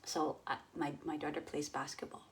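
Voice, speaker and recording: Animated coaching woman, lowish voice. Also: moderate pace, slight background noise. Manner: animated, acts out inner voices, drops to near whispers. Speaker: yoga and mindset coach. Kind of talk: coaching talk to an online audience.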